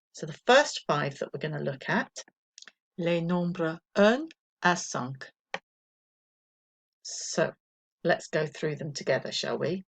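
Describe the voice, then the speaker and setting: Slow, low-voiced woman teacher. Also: gravelly. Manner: patient and encouraging, counting slowly for pupils to repeat. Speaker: primary school teacher. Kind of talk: recorded remote French lesson for children.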